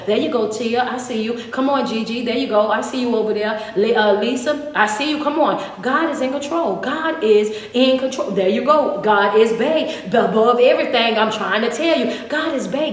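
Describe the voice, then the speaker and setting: A woman, preaching fervently in a repetitive call-and-response style to a live chat. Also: sits high. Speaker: motivational speaker. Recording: echoey room with long reverb.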